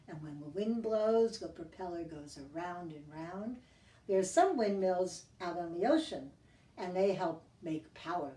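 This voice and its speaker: A woman leading a children's sing-along and story time, speaking gently in a sing-song way to young kids. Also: on the low side. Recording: echoey room, mic at a distance, guitar.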